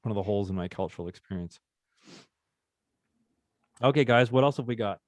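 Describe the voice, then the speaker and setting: A man's voice: fairly low pitch, a little fast, no echo. A man hosting a live trading session, talking through charts in a chatty, upbeat way and joking with the group. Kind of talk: casual live trading demonstration.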